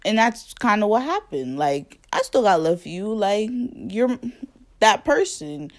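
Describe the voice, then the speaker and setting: A woman's voice: mid-range voice, very animated, unhurried. A young woman casually telling a story to the camera, full of fillers and quoted dialogue, laughing often.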